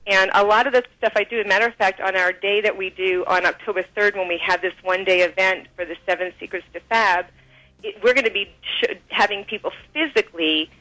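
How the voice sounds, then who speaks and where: A woman guest on an interview show, explaining her ideas in a lively way, acting out quoted voices and laughing often, heard over a phone line. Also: mid-range voice, fast. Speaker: author and guest. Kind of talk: interview, explaining and telling stories.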